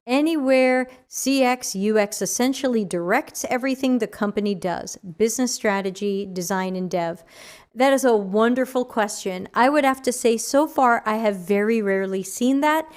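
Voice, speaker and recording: A woman hosting a casual livestream Q&A, chatty and animated, reading chat questions aloud, her voice tired after an hour of talking. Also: fairly high pitch, moderate pace. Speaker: livestream AMA host.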